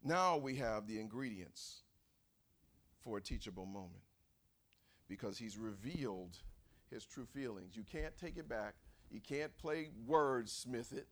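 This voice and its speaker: A man preaching a sermon in a church, acting out angry quotes and shouting at the peaks. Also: medium pitch, expressive, measured pace.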